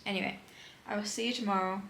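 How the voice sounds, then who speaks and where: A young book vlogger chats casually at home while recording a reading vlog, her voice bright, crisp, medium-pitched and at normal speed. She sounds tired and laughs often. The audio is poor, with a faint hiss of room noise beneath her voice.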